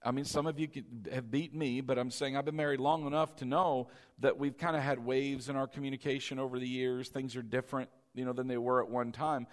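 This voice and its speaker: In church, a middle-aged man preaches as pastor, speaking with lively animation. He builds to loud, emphatic moments, then drops to a quiet, intimate hush.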